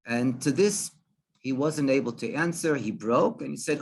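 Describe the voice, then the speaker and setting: Man, rabbi, storytelling, halting speech, frequent restarts, mid-pitched voice. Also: vocal fry. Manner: halting, many restarts and fillers. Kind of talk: storytelling talk.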